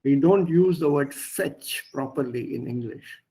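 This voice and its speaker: A man's voice: mid-range voice, a little slow, dark tone, husky, rough recording. A man teaching German in an online class, explaining patiently and repeating words and stresses for his learners. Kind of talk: online language lesson.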